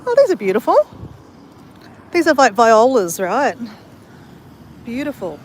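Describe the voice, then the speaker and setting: A woman's voice: on the high side, big pitch swings, measured pace, slight background noise. A woman chatting to viewers while walking along a town street, gushing over what she passes. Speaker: vlogger. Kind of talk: casual walking vlog.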